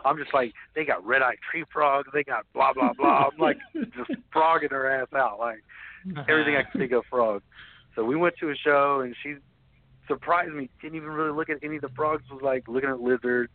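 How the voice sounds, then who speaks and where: A man, a podcast guest, telling stories in a casual, animated way, laughing often and swearing freely. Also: mid-range voice, a little fast. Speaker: podcast guest, snake keeper. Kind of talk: casual storytelling chat. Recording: tinny phone-line sound, dry.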